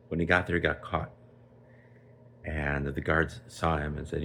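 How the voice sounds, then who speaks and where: Very deep, gravelly rabbi telling a story. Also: male voice, unhurried, pauses often, a little hiss or hum. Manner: lively, chatty, with Yiddish and Hebrew words. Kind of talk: animated storytelling for children.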